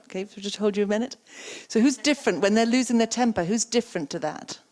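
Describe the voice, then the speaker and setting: On a conference stage, a keynote speaker and coaching trainer gives an interactive talk, echoing the audience's words and asking them questions. Her voice is medium-pitched, fast, and darkish in tone.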